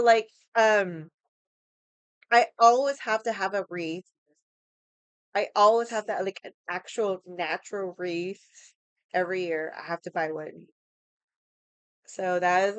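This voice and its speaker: A woman's voice: on the low side, clear, resonant tone, dry recording. A young woman chatting casually, rambling with lots of filler words and swearing. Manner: rambling, heavy on 'like' and swearing. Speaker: streamer. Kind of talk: casual chat while drinking.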